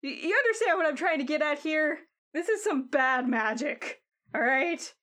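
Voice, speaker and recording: A woman's voice: sits high, lively intonation, normal speed, a bit bright, voice pushed up. A woman voicing a protective, exasperated woman who leads a crew, stammering, rambling and swearing casually in a tabletop game. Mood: uneasy.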